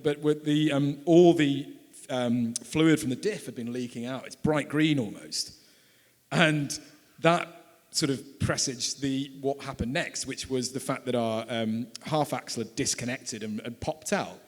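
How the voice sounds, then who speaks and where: A British man in his thirties, an author telling travel stories at a live book talk, animated and often laughing. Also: mid-range voice. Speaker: author and filmmaker. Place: event hall. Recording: long hall reverb.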